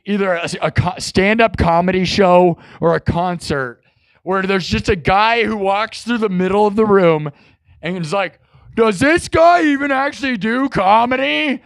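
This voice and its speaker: A man hosting a live music stream, chatting in a rambling, excitable way and breaking into shouts. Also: sits high, no echo. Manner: excitable, bursts into shouts, heavy use of "like".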